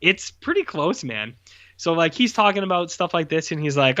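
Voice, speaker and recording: A man's voice: mid-range voice, brisk, pushed and bright, dull audio. A man co-hosting a podcast, recapping a movie in loose casual chat full of fillers. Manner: rambling, loose, lots of fillers. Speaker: podcast co-host.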